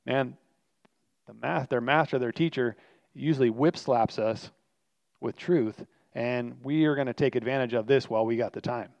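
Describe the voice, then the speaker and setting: A preacher voicing scheming scribes who are excited and plotting, eager to seize their chance. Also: male voice, medium pitch, normal speed, vocal fry, no room sound, highs cut off, natural voice. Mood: smug.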